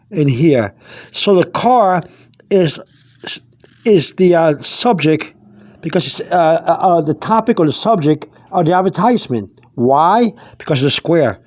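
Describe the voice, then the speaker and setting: A man's voice: sits high, dry recording, studio quality. A man giving a casual spoken language lesson, repeating himself with many fillers and restarts. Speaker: language teacher.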